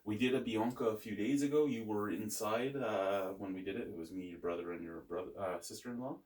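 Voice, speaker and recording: A man with a somewhat low voice talks through a beer tasting in a loose, rambling way, dropping jokes and curse words. He sits a little away from the microphone. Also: a little fast, darkish tone, reverberant, recorded from a distance. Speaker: beer review host. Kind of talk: casual beer review chat.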